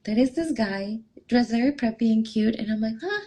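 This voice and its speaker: The audio is poor, and the woman's voice is on the high side at normal speed. A young adult relationship coach and podcast guest, she tells a personal story in an interview, animatedly voicing its dialogue loudly.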